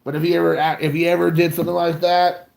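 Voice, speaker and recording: Man, 30s, creaky gravelly voice, slightly high pitch, casual podcast chat, rambling storyteller. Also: level tone, fast talker, darkish tone. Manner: rambling, self-mocking, restarts a lot.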